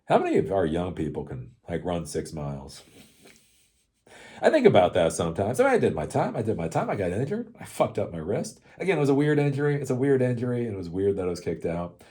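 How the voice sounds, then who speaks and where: A man's voice: on the low side, wildly swooping pitch, fast, mellow. A middle-aged man rants about politics in loose, rambling talk. He is sarcastic and swears a lot, and his voice rises and falls a great deal as he goes. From United States. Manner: profane, rambling, sarcastic, repeats "again" and "right?". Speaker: political commentary host. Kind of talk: casual political rant.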